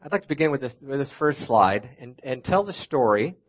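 A man's voice: medium pitch, expressive, moderate pace, lo-fi sound. A middle-aged man with a Minnesota accent, speaking as a guest preacher in a church, telling personal stories with folksy, self-deprecating humor. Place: church sanctuary.

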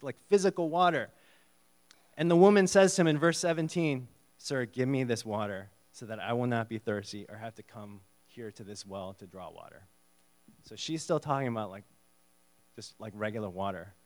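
A man with a mid-range voice preaches a conversational sermon, reading Bible verses aloud. He acts out the dialogue in a casual, animated way.

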